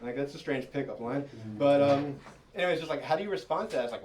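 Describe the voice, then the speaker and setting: A man's voice: mid-range voice, fairly quick, darkish tone, far from the mic, a little hiss or hum. Rambling amateur stand-up man. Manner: rambling, self-deprecating, many fillers. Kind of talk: stand-up storytelling. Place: restaurant event space with live audience. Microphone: handheld mic.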